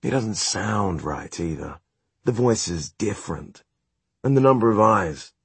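A man voicing an earnest young male shadow hunter who speaks quietly and insistently, in an audiobook reading. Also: on the low side, lively intonation, measured pace, husky, no echo, pitched above the performer's own voice, full character voice.

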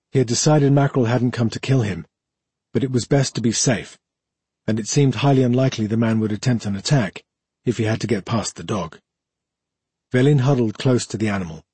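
Male audiobook narrator, husky timbre, dry close-miked recording. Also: on the low side, darkish tone, no room sound.

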